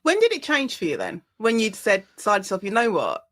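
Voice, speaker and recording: Woman podcast host, brisk and dry-sounding, chatty with her guest. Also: medium pitch, wildly swooping pitch, dry recording. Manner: chatty, encouraging, laughs easily. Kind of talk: casual interview.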